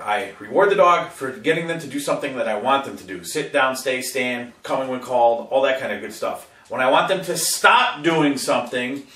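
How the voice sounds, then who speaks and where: Brief: man, mid-pitched dog trainer, lively teaching delivery that keeps asking "okay?", recorded from a distance in a roomy space. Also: a little hiss or hum. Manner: animated, often puts on high voices when quoting dog owners, frequent "okay?". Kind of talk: instructional talk to camera. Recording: roomy sound from a distant mic.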